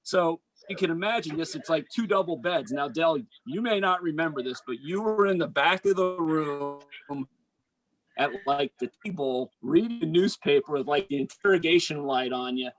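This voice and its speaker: A man, a basketball coach and former college player, telling stories in an animated, casual chat. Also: a little high, rough recording. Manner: animated storyteller, quick asides and restarts.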